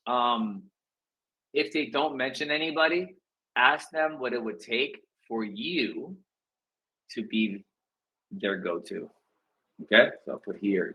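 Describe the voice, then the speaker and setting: A man coaching real estate agents in a casual, slangy way, acting out phone script lines with big swings in his voice. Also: rough recording. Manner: energetic, slangy, acts out script lines with big pitch jumps.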